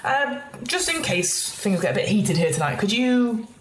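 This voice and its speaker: A man's voice: high voice, animated, normal speed, fairly bright tone. A man voicing a fussy, wheedling middle-aged bar owner who rambles hesitantly in a roomy recording. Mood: fussy pleading. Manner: hesitant, rambling, full of "you know". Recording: roomy with faint noise.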